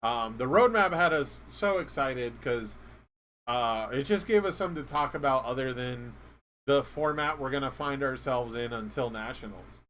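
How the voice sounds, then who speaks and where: Male co-host, relaxed and slangy, mid pitch, slight background noise. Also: normal speed. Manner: laid-back, slangy, laughs easily. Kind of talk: casual chat about a card game.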